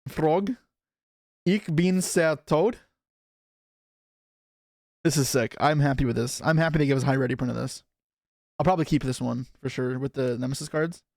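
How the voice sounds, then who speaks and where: A man's voice: medium pitch, fairly even intonation, vocal fry, a little mellow, no room sound, clean studio sound. A young man chatting casually on a live stream as he opens trading card packs and answers his chat. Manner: chatty, reacting to chat, quick asides.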